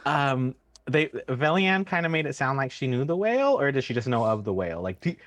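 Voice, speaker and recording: A man playing a tabletop game, playful and halting, often laughing. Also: mid-range voice, big pitch swings, a bit bright. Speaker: player. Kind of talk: casual tabletop play.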